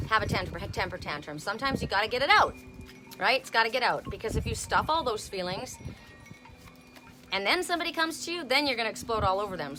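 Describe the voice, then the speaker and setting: A woman reading oracle cards on a casual live stream outdoors, talking bluntly and swearing freely. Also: mid-range voice. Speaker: oracle card reader.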